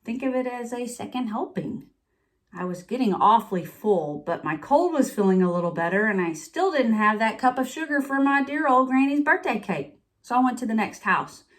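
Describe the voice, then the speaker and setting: A woman's voice: fairly high pitch, expressive, normal speed, close to an everyday voice. A woman reading as a confiding wolf narrator. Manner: confiding, storytelling. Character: sniffly, self-pitying male wolf narrator. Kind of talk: picture-book read-aloud.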